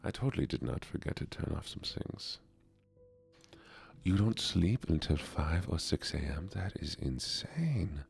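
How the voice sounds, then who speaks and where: A man with a put-on German accent in a soft-spoken ASMR stream, greeting viewers and reading poetry in a hushed whisper. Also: rumbling low, lively intonation, unhurried, creaky, slightly rough, faint music behind.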